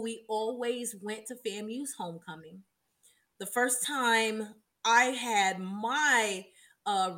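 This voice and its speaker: A woman from South Florida, co-hosting a podcast and reminiscing in casual chat, animated and quick to laugh as she acts out old quotes. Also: medium pitch. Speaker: podcast co-host.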